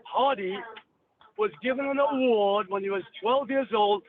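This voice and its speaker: A man's voice: high-pitched, measured pace. A man rambling bluntly and cursing on a call-in show. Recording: tinny phone line with hiss.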